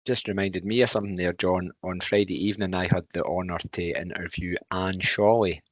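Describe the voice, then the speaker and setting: A man's voice: low voice, fairly even intonation, a little fast, dry recording. A man hosting a podcast, asking questions in a hesitant way with many ums. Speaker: podcast host. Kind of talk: casual podcast interviewing.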